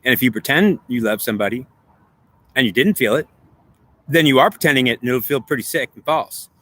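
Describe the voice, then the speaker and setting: A man talks through a long, rambling spiritual monologue, repeating his points and trading questions and answers with himself. His voice is bright and forceful, sitting at an ordinary male pitch. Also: lively intonation, fairly quick. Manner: repetitive, circling back on his own points. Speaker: spiritual speaker.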